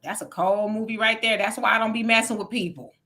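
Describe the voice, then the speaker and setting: Woman running a live chat stream, bright kinda high voice, reading comments and chatting back. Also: fairly even intonation, quick pace, a little hiss or hum. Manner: chatty, talks straight to viewers, reads comments aloud with reactions. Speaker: livestream host reading viewer comments.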